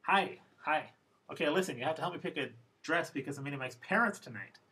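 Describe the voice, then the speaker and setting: A man imitating a young woman who blurts out a long request very fast in one breath, for a pronunciation lesson. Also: fairly high pitch, expressive, bright, forceful tone, slightly rough, heavily acted. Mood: rushed.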